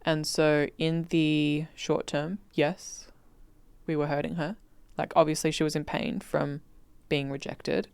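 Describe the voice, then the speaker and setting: A podcast co-host with a flat, gravelly delivery that still comes through smooth and clear. It sounds close and dry, with no room around it. The speech is measured, reasoning points out step by step. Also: medium pitch, no room sound. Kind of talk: casual podcast chat.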